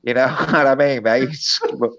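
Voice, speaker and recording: An English man chatting on a live stream, his talk halting and full of fillers as he circles back to his point. His voice sits at an ordinary middle pitch. It comes through a dull, lo-fi mic that dulls the top end. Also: steady tone, fairly bright tone. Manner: hesitant, rambling with many fillers. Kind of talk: casual chat.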